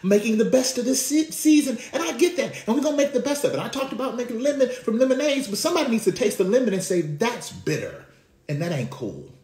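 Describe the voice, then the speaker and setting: A man preaching a sermon as pastor, talking in a conversational way with slang. His call-and-response delivery swings from hushed lows to shouting. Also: very animated, quick pace, echoey room.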